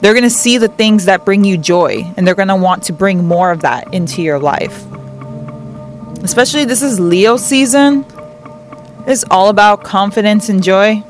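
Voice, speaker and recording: A woman hosting a tarot reading show, giving earnest, gentle spiritual advice and repeating words for emphasis. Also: medium pitch, moderate pace, soft background music. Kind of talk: reflective spiritual advice talk.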